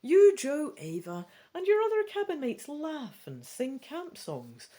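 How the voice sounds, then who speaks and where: A woman with a Scottish accent reading a gamebook aloud, breaking off into chatty, quick asides. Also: high voice, huge pitch swings, mellow. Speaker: gamebook reader. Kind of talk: casual read-through with chatty asides.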